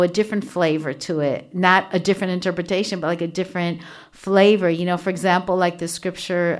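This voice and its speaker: Chatty woman on a devotional podcast. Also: lowish voice. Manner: earnest, chatty, many fillers and restarts. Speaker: podcast host. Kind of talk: solo devotional podcast talk. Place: small home studio. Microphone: studio microphone with earphones.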